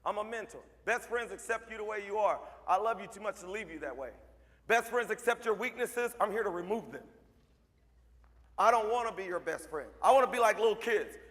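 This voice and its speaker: A man with a high-pitched voice speaks to a school crowd. He tells stories with emphasis and hammers his points through repetition. His voice rings out with a long reverb through a large hall. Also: a little fast, a bit bright. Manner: emphatic, storytelling, repeats for effect. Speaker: motivational speaker and mentor. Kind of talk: speech to a school assembly.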